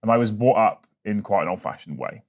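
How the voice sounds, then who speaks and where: Man, podcast host, quick talker, low voice, animated, casual swearing. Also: a little hiss or hum. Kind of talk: casual chat.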